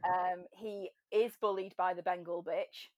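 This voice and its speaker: A woman chatting as a podcast guest, self-mocking and quick to laugh. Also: lowish voice, fairly even intonation, dry recording, studio quality. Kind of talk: casual chat.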